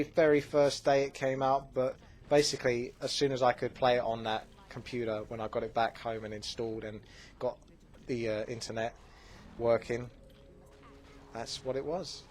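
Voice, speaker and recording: A young man hosting a gaming channel, working through viewer questions in a loose, rambling chat. He often stops and restarts his sentences as he goes. His voice sits at an ordinary middle pitch. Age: 20s. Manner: rambling, self-correcting, chatty. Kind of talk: casual Q&A commentary.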